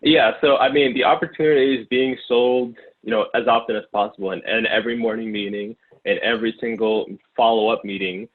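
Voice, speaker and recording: A man's voice: mid-range voice, fairly even intonation, brisk, hardly any pauses. A man in his twenties, from Ukraine, talking casually as an interview guest and rambling with lots of fillers and restarts. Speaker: guest, former sales intern. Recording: tinny phone-like line.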